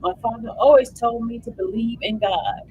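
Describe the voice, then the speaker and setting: A woman hosts a livestream and talks her viewers through updates as they come in, swinging between eager and emotional. Her voice sits a little high, with a faint hiss of noise underneath. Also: normal speed, rough recording. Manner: animated, emotional, addresses viewers as y'all. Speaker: livestream host. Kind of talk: live commentary reading updates aloud.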